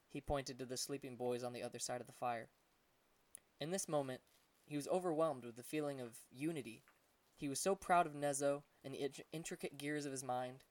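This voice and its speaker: A man's voice: medium pitch, brisk, no echo, recorded from a distance. Man narrating a story, set back from the mic. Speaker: audiobook narrator. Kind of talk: scripted narration.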